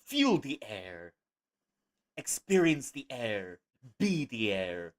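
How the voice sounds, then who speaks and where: A grandiose male ad announcer, as a man puts him on, stretching each word slowly. The pitch swoops widely as he sells the product, a parody of a television commercial. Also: very animated. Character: smooth male announcer in a grooming ad.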